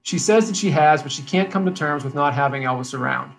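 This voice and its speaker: Laughing man pitching a script. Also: brisk, creaky, a little hiss or hum, rough recording. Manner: laughing, rambling, with restarts. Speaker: podcast co-host pitching a script. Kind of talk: casual retelling of a script.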